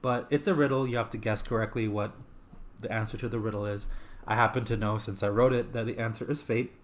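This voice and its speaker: A man casually talking through a side mission he wrote for his own game, in a relaxed, explanatory way. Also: lowish voice, fast talker. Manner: relaxed, explanatory, with small restarts. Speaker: game developer.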